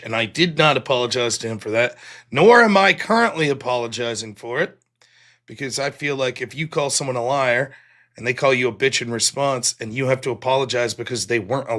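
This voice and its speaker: A man's voice: mid-range voice, bright, forceful tone. A man hosting his live stream, telling a rambling, profane, self-mocking story about his day in casual chat.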